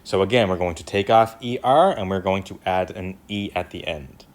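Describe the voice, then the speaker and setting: A man's voice: low-pitched, normal speed. A man teaching a French grammar lesson in a casual, explanatory way, walking through each step and checking in often. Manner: lively, repeats "right?" and "easy enough", walks through steps.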